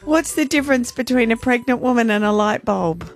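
A woman's voice: on the high side, expressive, fairly quick, soft background music. A woman co-hosting breakfast radio, teasing and laughing often. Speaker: radio co-host.

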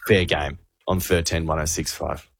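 A man's voice: a bass voice, steady tone, normal speed, gravelly, a bit bright. A man hosting a radio show, telling a story with animation and acting out the voices of the people in it. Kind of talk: lively radio banter and storytelling.

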